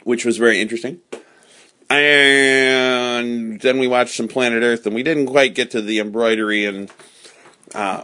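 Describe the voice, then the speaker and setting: Man, home podcast host, mid pitch, upbeat and encouraging, patient teacher energy. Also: fairly bright tone. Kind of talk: casual home podcast chat.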